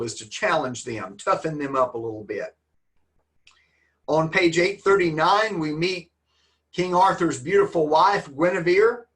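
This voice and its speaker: A man's voice: fairly high pitch, a bit bright. A man, teaching a literature class online in a folksy, joking, encouraging manner.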